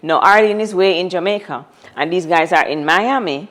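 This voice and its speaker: A woman guest recounts a personal story, and her voice sits on the lower side. She tells it dramatically and repeats key phrases to drive them home. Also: normal speed, fairly bright tone. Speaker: interview guest. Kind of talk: telling a personal story in conversation.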